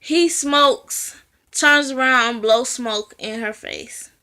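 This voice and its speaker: A woman's voice: high-pitched, takes it slowly, sharp tone. A woman recapping a movie in casual, chatty storytelling, swearing freely and filling with "you know". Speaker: movie reviewer.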